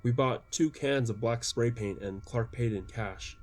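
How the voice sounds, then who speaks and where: A man's voice: medium pitch, unhurried, a little mellow. A man reading his own story aloud as audiobook narration, with mild voices for the quoted lines.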